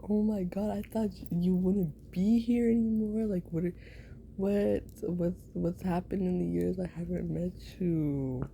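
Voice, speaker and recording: A woman voicing an excited teen in a whispered role-play, gushing to a long-lost friend. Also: deep voice, a little slow, a little hiss or hum. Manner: gushing, breathless chatter.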